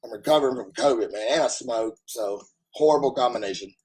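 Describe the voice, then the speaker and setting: A man from the United States ranting bluntly at his live chat, his voice hoarse and damaged after covid, talking loudly so he can be heard and swearing freely. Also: medium pitch, brisk, low-quality recording. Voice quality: husky, strained. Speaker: livestreamer answering chat. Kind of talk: casual live-stream rant.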